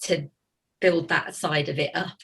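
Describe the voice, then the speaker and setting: A woman chatting casually about her autistic son, telling animated stories and laughing often. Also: deep voice, a little slow, gravelly, breathy edge. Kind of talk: casual group chat.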